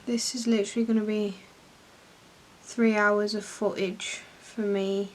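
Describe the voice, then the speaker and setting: Young woman, English accent, casual makeup vlog, rambling, self-deprecating, mid pitch. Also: flat delivery, measured pace, slight background noise. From England. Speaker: beauty vlogger. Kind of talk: casual chat while doing makeup.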